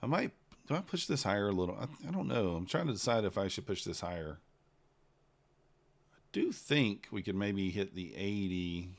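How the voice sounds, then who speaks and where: A man giving casual live commentary while trading, thinking out loud in an unhurried, low-key way. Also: very animated, vocal fry. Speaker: livestreaming futures trader.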